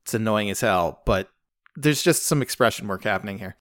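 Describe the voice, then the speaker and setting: A man's voice: lowish voice, expressive, brisk, a bit bright. A man co-hosting a podcast, casually retelling a scene and quoting its lines on a close home mic. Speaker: podcast co-host. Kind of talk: casual recap chat.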